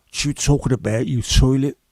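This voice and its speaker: A gruff Cockney villain, rough-mouthed and menacing, as a man puts him on. The tone sits a little above a man's low natural range and comes across dry and close. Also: fairly even intonation, fairly quick, a little mellow, no echo. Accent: Cockney, put on. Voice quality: rough, insulting.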